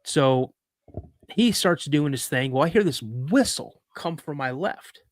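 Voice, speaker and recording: A man guest on a podcast, casually telling a story in an animated way, acting out quoted dialogue and often restarting his sentences. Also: a little high, measured pace, dry recording.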